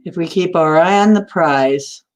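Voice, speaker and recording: A woman's voice: fairly low pitch, measured pace. A woman hosting a casual chat, rambling and giggling between puns and jokes.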